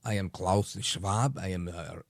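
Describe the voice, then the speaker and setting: Guy putting on a slow halting old german exec w/ thick accent, low gravelly voice. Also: no echo, clean studio sound, exaggerated voice. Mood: stiff. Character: elderly stiff German-accented male executive.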